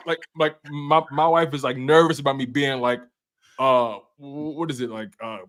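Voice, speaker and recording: Excitable male sports talk co-host. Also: medium pitch, moderate pace. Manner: excitable, blunt, swears freely. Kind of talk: casual sports talk banter. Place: talk show studio.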